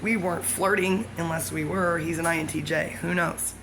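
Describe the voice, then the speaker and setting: Rambling woman with a gravelly voice. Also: on the low side, steady tone, normal speed, noisy background. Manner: scattered, self-correcting, jokey asides. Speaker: vlogger. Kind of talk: rambling to-camera monologue.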